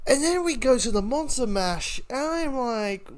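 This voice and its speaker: A man's voice: very high voice, animated, measured pace. A man giving a casual, rambling spoken review of a TV episode. He restarts his sentences often. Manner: rambling, lots of fillers and restarts.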